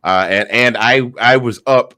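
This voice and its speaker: A man's voice: medium pitch, a little slow, clean tone, no echo. Fifties guy gushing on a podcast, acts out quotes, running on no sleep, dry sound. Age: 50s. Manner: animated storyteller who acts out quotes. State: short on sleep. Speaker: podcast guest. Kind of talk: excited casual chat.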